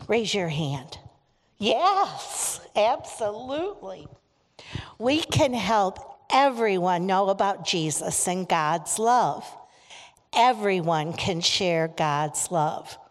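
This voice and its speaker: A woman's voice: mid-range voice, lively intonation, slow pace. A woman leading a children's message in a church service, asking the kids questions and leading call-and-response lines. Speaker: children's ministry leader. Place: church sanctuary. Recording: long reverb of a church sanctuary.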